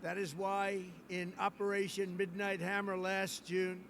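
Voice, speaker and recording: A man's voice: high-pitched, level tone, a little slow, a bit bright, slight background noise. A man giving a formal televised address as a head of state, emphatic and repeating himself. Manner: repetitive, emphatic.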